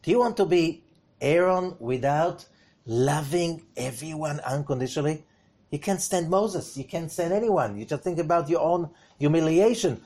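Animated man giving a Torah lesson. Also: on the high side, moderate pace. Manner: animated, rhetorical questions, swings from loud to hushed.

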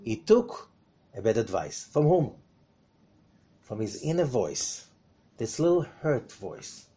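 A man giving a Torah lesson in an animated way, asking rhetorical questions and swinging between loud emphasis and hushed remarks. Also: medium pitch, unhurried, slightly rough.

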